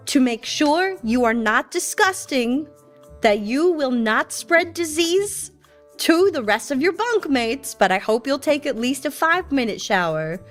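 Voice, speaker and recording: A woman streamer telling anecdotes in a casual, chatty way. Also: high-pitched. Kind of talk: casual storytelling chat.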